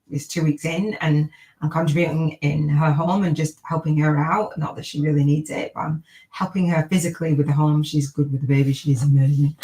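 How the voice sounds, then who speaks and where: A woman's voice: sits low, darkish tone, low-quality recording. A middle-aged woman hosting a live-streamed podcast, chatting in an upbeat, rambling way and repeating gratitude affirmations. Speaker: podcast host.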